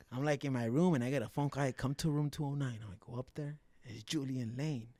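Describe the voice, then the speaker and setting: A young man from South Central Los Angeles, a fighter telling animated, profane stories as a podcast guest and slipping in Spanish words. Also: medium pitch, a little fast, dry recording. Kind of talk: casual podcast storytelling.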